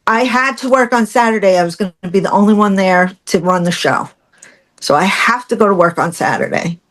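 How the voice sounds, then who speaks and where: Middle-aged woman telling her story on a podcast, animated, acts out quotes, laughs a lot. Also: mid-range voice, fairly quick. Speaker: podcast guest. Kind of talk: personal storytelling in conversation.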